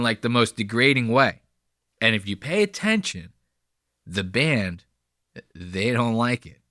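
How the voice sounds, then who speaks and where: A man's voice: medium pitch, sharp tone, dry recording, clean studio sound. A man hosting a podcast, chatting casually and profanely about clips he plays, with lots of fillers. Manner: profane, rambling, filler-heavy. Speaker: podcast host.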